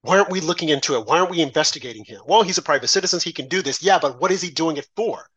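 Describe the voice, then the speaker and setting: A man's voice: fairly high pitch, expressive, racing, fairly bright tone, husky, lo-fi sound. A man co-hosting a political commentary show, ranting with pointed rhetorical questions. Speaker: co-host.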